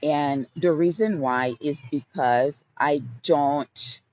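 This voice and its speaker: Slow, soothing man on a lo-fi livestream. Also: a little high, a little mellow. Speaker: livestream host. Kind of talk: motivational live Q&A. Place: outdoors. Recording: dull lo-fi sound, street noise.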